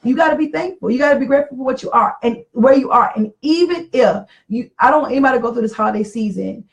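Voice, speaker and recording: Earnest woman with a higher voice. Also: lively intonation, fast talker, vocal fry, poor audio. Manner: earnest, reflective, repeats herself for emphasis. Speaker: podcast co-host. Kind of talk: casual marriage talk.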